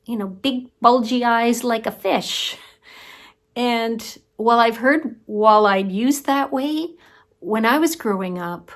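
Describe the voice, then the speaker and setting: Woman doing a chill booktube review, talks slow and thoughtful, mid pitch. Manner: unhurried, thoughtful, conversational. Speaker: book reviewer. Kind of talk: casual book review vlog.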